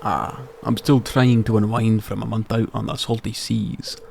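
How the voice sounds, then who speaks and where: A man's voice: on the low side, little pitch movement, normal speed, vocal fry, darkish tone, slight background noise. A man voicing a friendly old male fisherman in a put-on Scottish accent, with a hearty sailor delivery.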